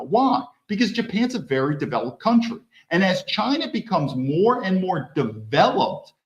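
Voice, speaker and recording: A man with a somewhat high voice that rises and falls a lot as he comments bluntly on news clips. He talks in a mocking, animated way, and the sound is muffled and lo-fi. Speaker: political commentator host.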